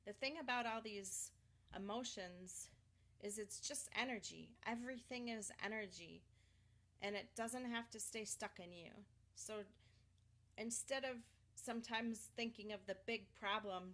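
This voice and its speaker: A woman coaching a live guided tapping session, talking listeners through slow breaths and phrases to repeat after her. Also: mid-range voice, bright, forceful tone.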